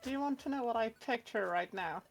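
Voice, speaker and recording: A woman's voice: on the high side, animated, quick pace, creaky, faint music behind. A woman chatting casually on a stream, playful and teasing, with some swearing. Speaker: co-streamer guest. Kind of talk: casual chat.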